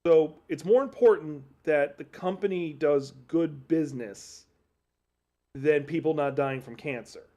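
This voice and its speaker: A man's voice: fairly high pitch, a little slow, mellow. A man streaming from his desk, chatting casually in a rambling, self-deprecating way with jokey asides. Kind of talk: casual livestream chat. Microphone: desk mic at computer setup.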